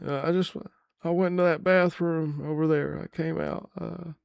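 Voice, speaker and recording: A man doing an impression of a soft-voiced, folksy older politician with a chuckling, drawn-out way of talking. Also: a little high, fairly even intonation, gravelly, clear, resonant tone, no room sound, clean studio sound, pitched above the performer's own voice. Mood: sly.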